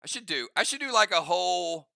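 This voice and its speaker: A man's voice: high voice, big pitch swings, fairly quick, gravelly, bright, forceful tone, dry recording. A man running an online role-play game as game master, narrating moves in a casual, chatty way with rambling asides.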